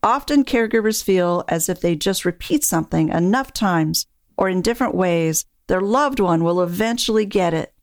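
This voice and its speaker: A woman who coaches dementia caregivers, giving a calm, measured scripted narration. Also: fairly low pitch, dry recording, clean studio sound.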